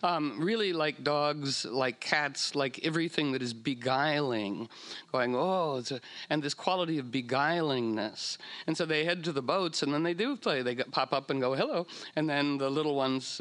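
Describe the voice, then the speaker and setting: His mid-range, fairly bright voice moves at a normal speed as he rambles through a casual story, restarting often and leaning on filler words. Now and then he playfully puts on silly voices for whales.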